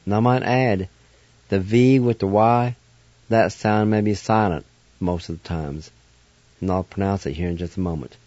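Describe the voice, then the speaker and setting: A man's voice: fairly low pitch, a little slow, long pauses, warm tone, dry recording, dull audio. A man hosting a radio language lesson, spelling each word letter by letter and sounding it out syllable by syllable. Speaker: radio host teaching Cherokee words.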